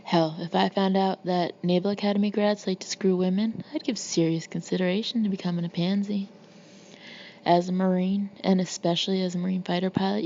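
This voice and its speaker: Swaggering Marine colonel voiced by a woman, loud, mocking, gravelly, dull lo-fi sound. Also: fairly low pitch, slight background noise, natural voice. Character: brash hulking male Marine colonel, swaggering.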